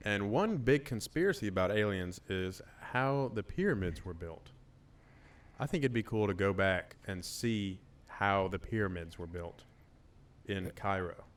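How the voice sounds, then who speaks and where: Laid-back young man with a low voice. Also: a little slow. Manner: relaxed, laughs along, asks questions. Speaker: podcast co-host. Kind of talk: casual chat.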